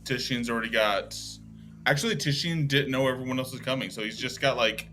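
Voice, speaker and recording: A man playing a tabletop role-play game, speaking in a hesitant, halting way with many ums. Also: mid-range voice, sharp tone. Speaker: player.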